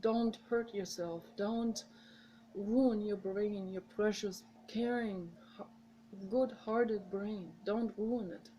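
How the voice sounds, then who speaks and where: Speaking slowly in a mid-range, dark-toned voice with fairly even intonation, a woman with a mother tongue addresses her viewers directly. Her vlog monologue is casual, rambling, heartfelt, and encouraging, and the recording is rough with slight background noise.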